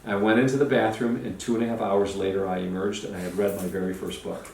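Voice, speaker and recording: A man telling a personal story in an excited way, often restarting and repeating words. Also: lowish voice, fast, creaky. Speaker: storytelling guest. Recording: roomy, distant, faint noise.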